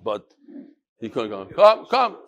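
A man giving a lively Torah class to a live group, telling stories and calling listeners up to the front. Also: medium pitch, slow pace. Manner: animated storyteller who calls listeners up to the front.

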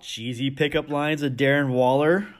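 A man's voice: medium pitch, normal speed, soft background music. A man hosting a fantasy football league podcast, recapping the week in a rowdy, joking way and teasing the league members. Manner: energetic with big swings in loudness.

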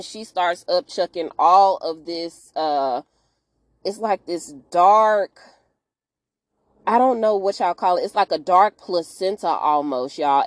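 A woman hosting a podcast, retelling a TV episode in a chatty, animated way full of slang and asides. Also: lowish voice, no echo. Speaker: podcast host. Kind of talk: casual episode recap.

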